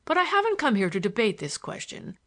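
A woman's voice: a little high, sing-song, brisk, fairly bright tone, pitched above the performer's own voice. A woman reading an audiobook, voicing a stern, impatient male estate executor with a curt, indignant manner.

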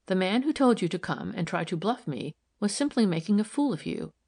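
A woman voicing a firm, sharp probation officer. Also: medium pitch, very animated, a little fast. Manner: crisp, sharp and correct. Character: firm, keen-eyed woman probation worker.

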